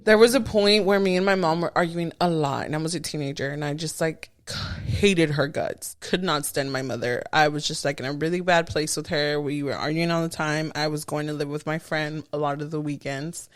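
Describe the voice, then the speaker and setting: A young woman co-hosting a podcast, telling stories in casual chat, animated and often laughing. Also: sits low, fairly quick, few pauses. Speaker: podcast co-host.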